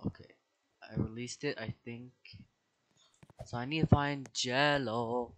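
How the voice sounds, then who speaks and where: Slow-talking excitable young man gaming. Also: mid-range voice, rough recording. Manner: excitable, dramatic outbursts and squeals; slang-heavy casual talk. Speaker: gaming video creator. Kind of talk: let's play commentary.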